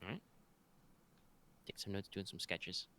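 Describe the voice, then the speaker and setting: A man's voice: deep voice, unhurried, bright, forceful tone, a little hiss or hum. A man running a tabletop game as game master, rambling a little with fillers and restarts as he describes the scene.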